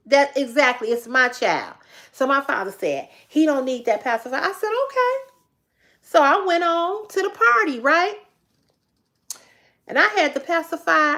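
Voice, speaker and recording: Woman livestream host, bright higher voice, blunt profane storyteller. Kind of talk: casual storytelling to a live chat.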